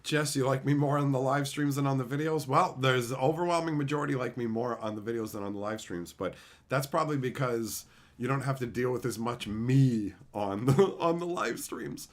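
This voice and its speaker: A man chatting casually with viewers on a live stream, profane, animated and openly emotional. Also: medium pitch, normal speed.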